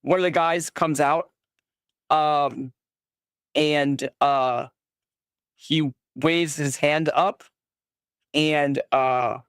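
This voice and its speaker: A man narrating a tabletop game as game master, describing scenes hesitantly with many pauses and fillers. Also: fairly high pitch, fairly even intonation, fairly bright tone, clean tone, dry recording, studio quality.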